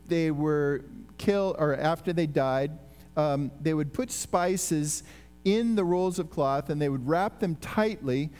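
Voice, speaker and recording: A man with a notably high voice preaches in an easy, conversational way. He retells the scene with animation and often restarts his sentences. His voice rings with a long hall reverb over faint music. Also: a little mellow, clear, resonant tone. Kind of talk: sermon.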